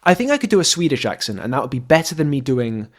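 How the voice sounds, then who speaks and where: A man hosting a podcast, thinking out loud in an animated, discursive way. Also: medium pitch, fast talker. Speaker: podcast host. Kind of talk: casual chat.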